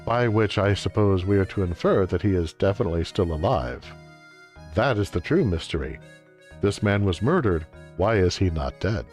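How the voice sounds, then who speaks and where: A man's voice: sits low, expressive, normal speed, darkish tone, faint music behind. A man streaming a video game, giving wry, joking commentary with exaggerated exclamations. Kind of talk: let's-play commentary.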